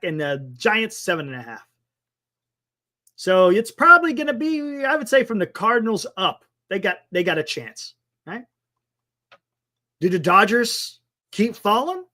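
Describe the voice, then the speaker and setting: A man's voice: high voice, pushed and bright. A man hosting a casual live-stream sports talk show, chatting with viewers in a sarcastic, rambling way.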